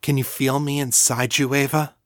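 A man reading a young man's lines in his own voice, low and teasing. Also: level tone, normal speed, fairly bright tone, no room sound, studio quality, lightly acted. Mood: urgent.

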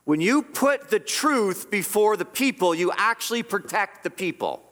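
A man's voice: sits high, expressive, moderate pace, a bit bright. A man preaching a sermon as pastor, earnest and emphatic, often repeating and restarting his words.

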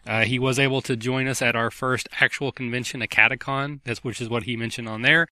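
Bright-voiced male podcast host. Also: mid-range voice, steady tone, brisk, slight background noise. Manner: friendly, rambling with many fillers. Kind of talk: casual podcast chat.

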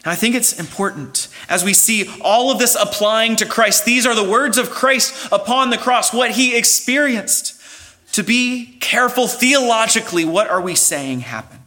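A male pastor delivers a sermon in a high, bright voice that carries with some force. He explains earnestly, sometimes restarting a phrase and pressing on with rising emphasis. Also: normal speed.

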